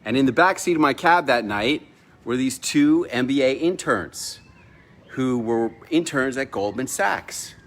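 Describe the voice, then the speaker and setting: A middle-aged man hosting a casual vlog from his home, telling a personal story with lively delivery and acted-out dialogue. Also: mid-range voice, unhurried. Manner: animated storyteller, acts out quoted dialogue. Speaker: vlog host. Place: home in Mexico.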